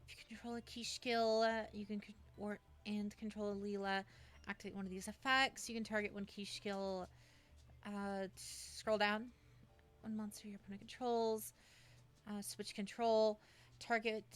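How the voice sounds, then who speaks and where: A woman's voice: medium pitch, level tone, normal speed. A woman streamer in casual livestream chat, coaching a friend through building a deck, with many fillers and restarts.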